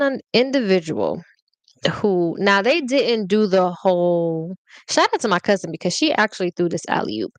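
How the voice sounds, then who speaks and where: A woman's voice: medium pitch, dry recording. A young adult woman hosting a live podcast, chatting casually and rambling playfully straight to her viewers. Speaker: podcast host.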